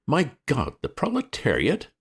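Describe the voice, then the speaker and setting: A man voicing a breezy, flippant young gentleman who chatters excitably. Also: medium pitch, unhurried, breathy edge, pitched above the performer's own voice, full character voice.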